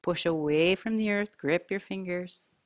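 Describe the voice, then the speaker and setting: A woman teaching a yoga class, giving calm, mindful cues about breath and poses while wearing a mic. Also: on the low side, dry recording. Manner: calm, slow, mindful cueing. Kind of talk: guided yoga class instruction.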